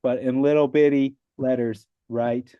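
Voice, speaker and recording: A man's voice: medium pitch, steady tone, a little slow, clear, resonant tone, dry recording, highs cut off. A man, a father with a wife and young kids, casually telling the story of passing his exam on a video call, rambling with lots of "like" and acting out the people he quotes. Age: adult with a wife and young kids. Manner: rambling, full of "like", acts out quoted voices. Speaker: exam passer sharing his story as a guest.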